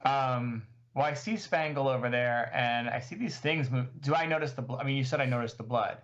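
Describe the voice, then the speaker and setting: A man's voice: mid-range voice, a little fast, fairly bright tone. Rambling male player, dull lo-fi audio. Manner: rambling, self-correcting. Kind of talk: casual tabletop play. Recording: dull lo-fi sound.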